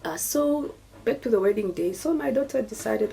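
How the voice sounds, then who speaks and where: A woman's voice: a little high, lively intonation, moderate pace, vocal fry, dark tone, slight background noise, low-quality recording. A middle-aged woman from Namibia with a Namibian accent, telling a personal story to camera in an earnest, preachy way and thanking God often. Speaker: YouTuber. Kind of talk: personal story time, testimony.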